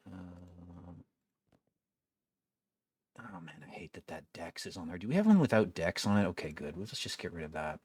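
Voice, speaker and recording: A man's voice: low voice, lively intonation, normal speed, pauses often, a little mellow, husky. A young man giving casual gameplay commentary, wry and complaining, swearing freely as he plays. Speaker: gaming video creator.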